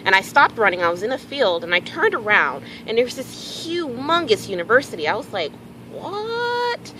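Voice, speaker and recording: A woman telling a personal story in a casual, animated way, acting out bits of dialogue and swearing freely. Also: medium pitch, a little fast, a little hiss or hum, low-quality recording. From Houston area, Texas. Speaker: vlogger.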